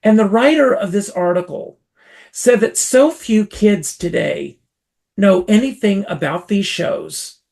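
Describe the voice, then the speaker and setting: A man from South Carolina, a performer, telling his story as a guest in an interview, with lively theatrical emphasis. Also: high-pitched, measured pace, creaky.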